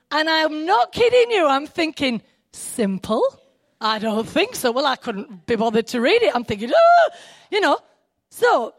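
A woman preaching a sermon, excitable and full of asides and self-interruptions. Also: high-pitched, dry recording.

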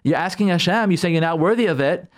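A man's voice: high-pitched, fast talker. A man, a rabbi, giving an emphatic radio talk on Jewish law and marriage, repeating key words and acting out his listeners' objections.

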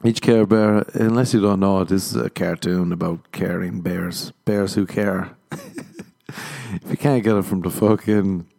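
A man's voice: sits low, fairly even intonation, a little slow, gravelly, dark tone. A young man hosting a solo podcast, rambling crudely and laughing at his own jokes. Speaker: podcast host. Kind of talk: casual solo podcast banter.

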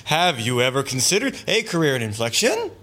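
A man's voice: mid-range voice, wildly swooping pitch, brisk, sharp tone. A man doing a mock commercial as a spoof ad announcer, chipper and salesy.

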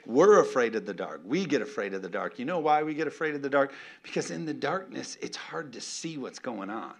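A man preaching a sermon as a pastor, animated and playful, often calling out for an amen from the congregation. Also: mid-range voice, fairly quick, vocal fry. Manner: animated, playful, calls for amens.

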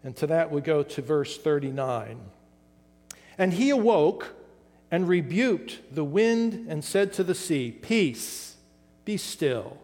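An older man from western Pennsylvania preaching a sermon, pausing dramatically and letting key words trail off softly. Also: on the high side, lively intonation, big-room sound. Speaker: pastor.

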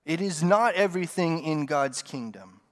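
A man preaching a sermon in a relaxed, conversational way, with joking asides to the congregation. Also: a little high, moderate pace, long reverb tail.

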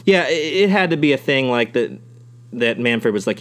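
A man co-hosting a casual podcast conversation. He talks in a rambling way, swears freely and restarts his sentences often. His pitch sits in the middle for a man. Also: expressive, moderate pace. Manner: profane, rambling, many restarts. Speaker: podcast co-host. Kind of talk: casual chat.

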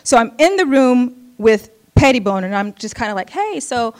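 A woman's voice: a little high, animated, a little mellow. Wry, self-mocking woman storyteller. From Oakland, United States. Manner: wry and candid, laughing at herself, quick asides. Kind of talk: personal storytelling to an audience.

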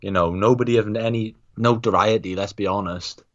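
A man's voice: lowish voice, steady tone, brisk, muffled recording. A man co-hosting a podcast, chatting casually and chiming in with teasing asides. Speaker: podcast co-host. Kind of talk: casual chat.

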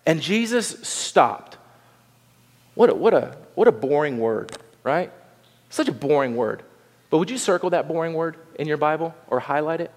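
Man, pastor, animated sermon, fairly high voice, long hall reverb. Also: moderate pace. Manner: animated preaching, acts out voices of the crowd and the blind man.

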